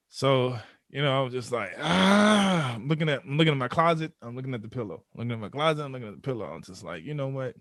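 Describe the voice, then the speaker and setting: A man, a podcast guest, telling a candid personal story in an animated way and acting out his own thoughts. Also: medium pitch, fast, hardly any pauses, no echo, studio quality.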